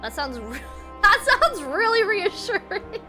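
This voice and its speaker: Bubbly high-voiced woman streamer. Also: very animated, takes it slowly. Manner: bubbly, chatty with viewers. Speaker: game streamer. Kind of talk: casual gameplay commentary. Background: game music.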